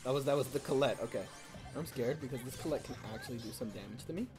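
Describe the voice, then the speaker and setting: A woman's voice: rumbling low, fast talker, over music. A young woman hosting a gaming channel, giving playful, jokey, self-mocking commentary over her gameplay.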